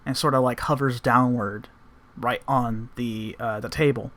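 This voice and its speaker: A man narrating as game master, relaxed with many fillers, voicing characters along the way. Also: mid-range voice, moderate pace.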